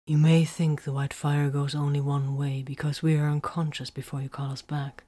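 A woman reading the part of a gentle, persuasive man, keeping her voice to a soft, breathy murmur. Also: low-pitched, level tone, normal speed, dry recording, studio quality. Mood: tender. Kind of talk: audiobook character reading.

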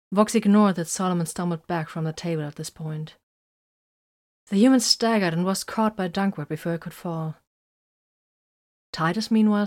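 Woman reading a story, steady. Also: lowish voice. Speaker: narrator. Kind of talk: audiobook narration of fan fiction.

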